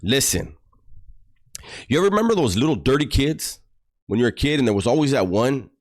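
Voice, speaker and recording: A man telling profane, animated stories about prison to his online audience. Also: medium pitch, a little fast. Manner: animated, profane, mock-disgusted storytelling. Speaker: YouTuber recounting prison stories. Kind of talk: casual storytelling to a livestream audience.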